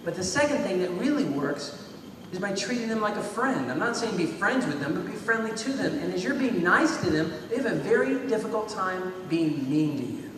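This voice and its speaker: A man giving an animated motivational talk to students at a school assembly, leading the crowd in call-and-response chants, speaking into a small microphone on a stand. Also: high-pitched, brisk, background noise. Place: large school hall or gym. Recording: echoey hall, voice from far off.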